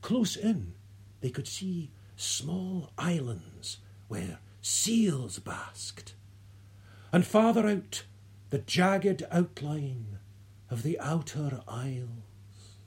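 A narrator reading a story aloud in a soft, unhurried way, sometimes dropping to a whisper. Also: medium pitch, sing-song, breathy edge. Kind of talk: audiobook narration.

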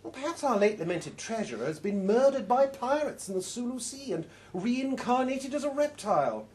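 A woman's voice: a little high, very animated, normal speed, a little mellow, voice pushed up. A man reading a story aloud and voicing a dry, ironic woman at a card table, with an arch, impatient manner. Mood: wry. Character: dry, ironic older woman bridge player.

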